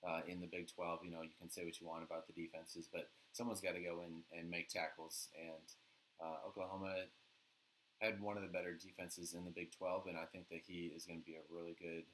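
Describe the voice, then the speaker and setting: A man co-hosting a sports podcast in casual chat, relaxed and steady as he leads each segment. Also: deep voice, a little fast, a little hiss or hum, poor audio. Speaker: podcast co-host.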